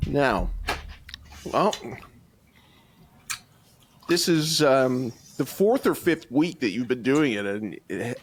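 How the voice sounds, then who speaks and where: A man co-hosting a casual podcast who teases his co-host and makes deadpan jokes. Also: medium pitch, slow pace, pauses often, slight background noise.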